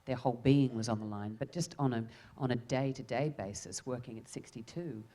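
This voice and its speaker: A woman's voice: a bass voice, a little fast, mellow. A woman actor answering panel questions in a reflective way, often restarting and repeating words.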